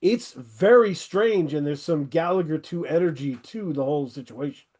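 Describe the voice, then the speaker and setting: Upbeat high-voiced male podcast host. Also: normal speed, a little mellow, slight background noise. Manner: enthusiastic, rambling recommendations. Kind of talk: casual interview chat.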